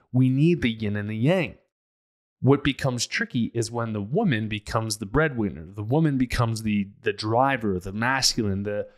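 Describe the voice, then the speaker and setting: A man with a mid-range voice talks through relationship advice as a podcast host. He speaks bluntly and emphatically, in a loose, casual monologue. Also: mid-range voice.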